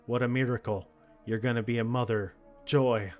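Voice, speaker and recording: A man reading the lines of a cold, judging entity made of many hands, in slow, solemn pronouncements. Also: mid-range voice, fairly even intonation, faint music behind, close to an everyday voice.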